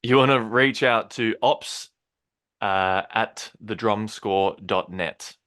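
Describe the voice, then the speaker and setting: A man's voice: fairly low pitch, takes it slowly, fairly bright tone. A man co-hosting a podcast, teasing and laughing a lot in casual banter. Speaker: podcast co-host.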